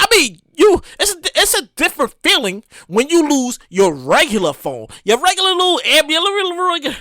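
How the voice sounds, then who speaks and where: Woman, podcast host, casual comedic rant, profane, bright sharp voice, dry close sound. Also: high voice, brisk, hardly any pauses, no echo. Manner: animated, profane, rambling, with exclamations.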